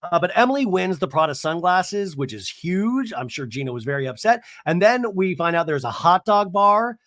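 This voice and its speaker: A man's voice: sits high, dry recording. A male podcast host recapping reality TV in a loose, gossipy way, with his voice swinging up and down as he reacts. He swears freely and sounds exasperated. The sound is dry and close, with no room around it. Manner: animated, swearing, exasperated asides; does quick voices for the people he quotes. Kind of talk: casual gossipy recap commentary.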